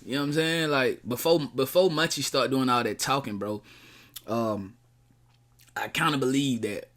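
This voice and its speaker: A male co-host speaks in easy, slang-filled chat. He hesitates and repeats himself. His voice has a bright, forceful edge. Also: mid-range voice, moderate pace. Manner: loose, slangy, hesitant, with bursts of loud laughter. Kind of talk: casual chat.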